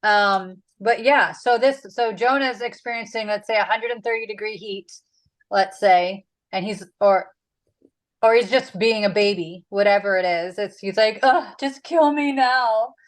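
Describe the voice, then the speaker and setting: A woman's voice: mid-range voice, fairly even intonation, normal speed, rough recording. A woman leading a casual Bible study, chatty and full of fillers. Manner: chatty, with many "like"s and "um"s.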